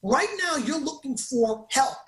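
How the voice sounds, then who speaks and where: An interview guest, male, tells his story excitedly and emphatically, frequently breaking off mid-sentence. His voice is very high and a little slow, with a roomy sound to the recording.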